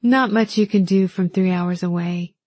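A woman voicing a grieving, chatty older southern woman in an audiobook, speaking softly and shakily over the phone. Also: fairly low pitch, moderate pace, dry recording, close to an everyday voice. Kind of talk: audiobook dialogue.

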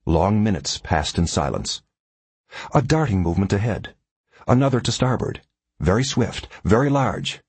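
A male narrator reading a thriller audiobook with dramatic, measured pacing. His voice is low and husky, and his pitch moves a great deal. The recording is dry and close. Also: sing-song, darkish tone, dry recording.

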